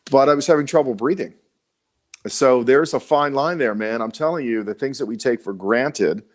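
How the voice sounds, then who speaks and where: A middle-aged man from Baltimore, USA, speaking with a Baltimore accent at medium pitch, co-hosts a casual live show. He talks earnestly and haltingly, restarting often, and sounds tired after an illness.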